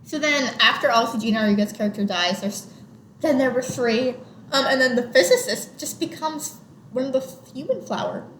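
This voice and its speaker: Young woman gushing about a movie, highish voice, kinda echoey room w faint hiss. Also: brisk, fairly bright tone. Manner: chatty, retells scenes with lots of "like". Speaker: podcast co-host. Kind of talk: casual movie chat. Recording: roomy with faint background noise.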